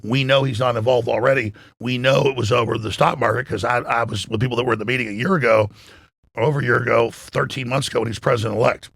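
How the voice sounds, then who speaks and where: A man talking as a podcast guest, animated and emphatic, swearing freely and acting out what others said. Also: medium pitch, quick pace, no echo. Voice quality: gravelly, husky. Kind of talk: excited podcast talk. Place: in Florida.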